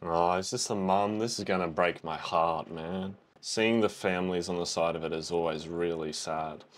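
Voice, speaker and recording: A man's voice: sits low, steady tone, moderate pace. A young man, chatting and exclaiming as he reacts to a film for the first time. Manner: chatty, exclaims and thinks aloud. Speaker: reaction video host. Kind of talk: casual film reaction commentary.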